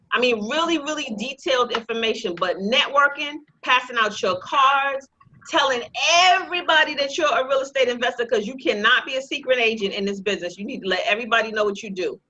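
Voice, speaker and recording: Woman teaching a real estate class, high bright voice, jokey and salesy, kinda muffled lo-fi audio. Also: slightly rough. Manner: lively, joking, sales-pitch teaching. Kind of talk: live online class presentation.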